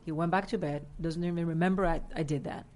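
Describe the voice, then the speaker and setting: A woman from Rico, a guest telling an animated story in a casual interview, acting out what people said. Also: fairly low pitch. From Puerto Rico. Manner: animated, acts out quoted dialogue, fast bursts. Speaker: actress and guest.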